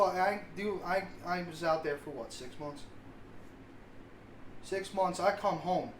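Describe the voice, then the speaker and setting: Brief: guy, slightly high voice, cusses constantly through rambling stories, roomy mic with light hiss. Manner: rambling, heavy swearing, self-mocking. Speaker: podcast co-host. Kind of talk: casual storytelling. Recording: roomy sound with faint hiss.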